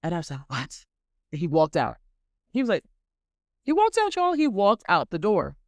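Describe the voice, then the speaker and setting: A woman hosting a podcast who gives an animated, dramatic motivational faith talk and repeats points for emphasis. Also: fairly low pitch, normal speed, dry recording, studio quality. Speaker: podcast host.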